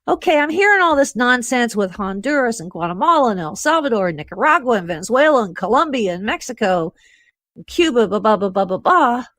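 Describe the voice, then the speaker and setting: A woman hosting a talk radio show, speaking in animated, quick bursts with many fillers. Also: a little high, no echo, clean studio sound. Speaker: radio host and intelligence analyst.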